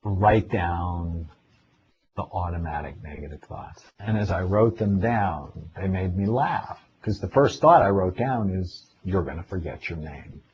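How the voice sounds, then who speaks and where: Deep-voiced man telling lecture stories. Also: measured pace, slight background noise. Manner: storytelling, acts out his own inner thoughts. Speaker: psychiatrist giving a webinar. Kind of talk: casual spoken lecture with personal stories. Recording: dull lo-fi webinar audio with faint ambience.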